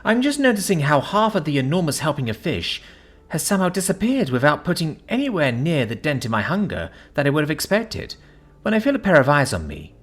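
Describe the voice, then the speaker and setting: A man narrating a science fiction story in an expressive, animated way. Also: on the high side, brisk, breathy edge.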